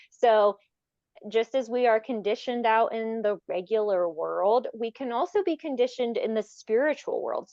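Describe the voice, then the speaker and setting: A woman's voice: medium pitch, a little mellow, dry recording. Woman co-host, reflective explainer, dry, slightly muffled audio. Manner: reflective, explanatory, trails off with fillers. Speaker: podcast co-host. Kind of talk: casual spiritual chat.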